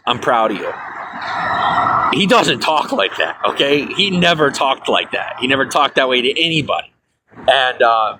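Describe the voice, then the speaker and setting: Telling a livestream audience about his life, a thirtysomething man rambles loosely, full of fillers and corrections, laughing things off and rising in pitch when excited. There's a slight hiss or hum in the audio.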